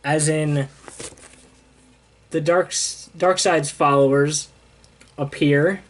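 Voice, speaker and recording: A man's voice: on the high side, steady tone, extremely slow. A young man, a comic book reviewer, casually recapping a story and paraphrasing the characters' lines as he goes. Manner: casual, retells scenes with "he's like" paraphrases.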